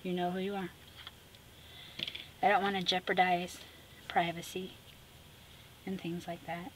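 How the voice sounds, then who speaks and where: A woman vlogger who chats casually while she works on a sketchbook collage, talking to herself and often dropping to a soft murmur. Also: fairly low pitch, level tone, a little slow, background noise. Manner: chatty, talks to herself while working, drops to a soft murmur. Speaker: craft vlogger. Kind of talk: casual talk while crafting.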